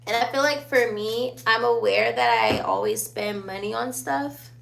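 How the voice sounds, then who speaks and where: Youthful, gravelly-voiced woman chatting slowly. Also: on the high side, very animated, fairly bright tone. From born in Virginia, raised in Sicily and Germany. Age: 20s. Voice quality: youthful-sounding voice. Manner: laid-back, chatty, laughs often. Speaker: vlogger answering viewer questions. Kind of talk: casual chat.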